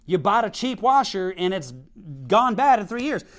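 A man's voice: sits high, expressive, normal speed, a bit bright. A man preaching a sermon in a conversational way, slipping into a casual story and laughing as he tells it. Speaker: pastor. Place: Idaho.

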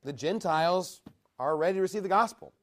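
A man's voice: animated, a little fast, fairly bright tone. A man preaching a verse-by-verse Bible sermon, emphatic, asking his listeners questions and rising in force to stress his points. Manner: emphatic, asks the congregation questions; rises in pitch and volume when stressing points.

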